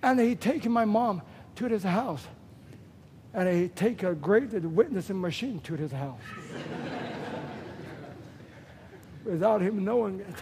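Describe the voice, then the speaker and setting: A man preaching a sermon, emphatic and repeating phrases for stress, with sudden loud bursts. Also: high-pitched, slight background noise.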